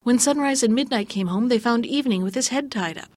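A woman narrating a fairy tale in a measured, gently expressive storytelling voice. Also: a little high.

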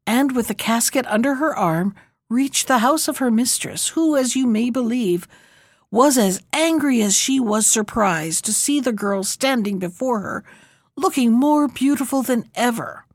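A woman reads a fairy tale aloud in a measured storytelling style. Her voice sits fairly high and the recording is dry and close, with no room sound. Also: animated, no room sound.

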